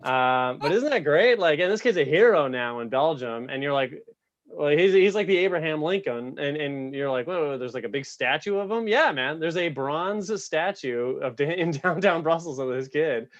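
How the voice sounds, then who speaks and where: A man doing a stand-up set at an online open mic, laughing as he talks and dropping into mocking voices. His voice sits a little high, and the sound is dull and muffled. It is dry and close, with no room around it. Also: lively intonation, moderate pace, dry recording. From Canada. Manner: loose, chuckling delivery with mocking put-on voices. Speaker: stand-up comedian.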